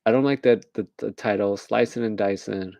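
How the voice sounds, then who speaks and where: A man's voice: lowish voice, moderate pace, creaky, warm tone, dry recording. A man hosting a late-night casual rant, rambling along, laughing at his own jokes and acting out little voices. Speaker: host.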